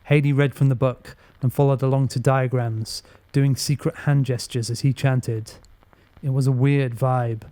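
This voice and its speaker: A man narrating a first-person horror story in a measured, steady storytelling voice. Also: medium pitch, no room sound. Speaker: audiobook narrator.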